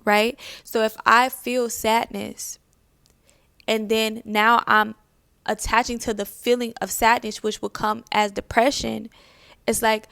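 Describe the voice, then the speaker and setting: Young woman vlogger, higher pitch with gravelly fry, dry close sound, casual reflective talk. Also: little pitch movement, slow pace, fairly bright tone, dry recording. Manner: conversational, repeats phrases, asks many questions. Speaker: spiritual vlogger.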